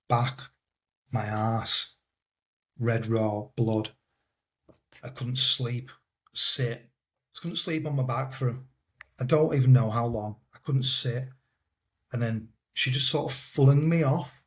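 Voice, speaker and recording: A man, telling his own life story in an interview, halting and repeating himself, often trailing off quietly. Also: medium pitch, fairly even intonation. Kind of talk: personal storytelling in a podcast interview.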